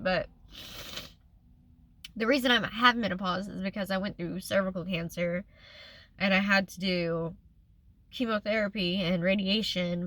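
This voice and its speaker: A woman talks straight to her viewers in a candid vlog. Her voice is bright and tense, and she rambles earnestly, full of ums and restarts. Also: medium pitch. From Oklahoma. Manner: rambling, earnest, with frequent fillers. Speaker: vlogger.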